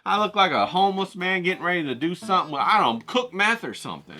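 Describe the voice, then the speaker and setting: Brash, bright-voiced storytelling man. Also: high-pitched, very animated, fast talker. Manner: brash, profane, rambling. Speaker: vlogger, painter. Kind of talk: crude comic storytelling.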